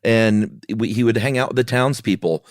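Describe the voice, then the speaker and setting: A man co-hosting a podcast retells a history story in casual conversation, animatedly acting out the voices of the quoted villagers. His medium-pitched voice moves at a moderate pace, captured in studio quality with no echo.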